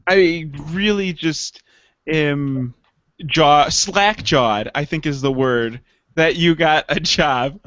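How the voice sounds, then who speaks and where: A man talks in an excitable, jokey way, tripping over his words and restarting sentences. His voice is high, with a dry, close sound. The lo-fi podcast audio is dull. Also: takes it slowly, no echo. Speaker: podcast co-host. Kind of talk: casual chat.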